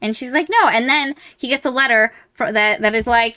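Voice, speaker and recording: A woman co-hosts a casual book podcast with a bright, forceful voice that sounds close and dry. She talks in an animated way, jumps into quoted reactions and swears freely. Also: on the high side, brisk, no echo. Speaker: podcast co-host.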